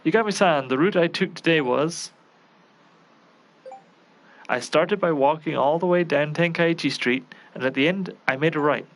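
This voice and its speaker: A fretful young cook frets and apologizes in a slightly high, anxious voice, as a man plays him. A faint hiss of noise sits behind him. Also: normal speed, pauses often, natural voice. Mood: flustered. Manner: flustered, self-scolding.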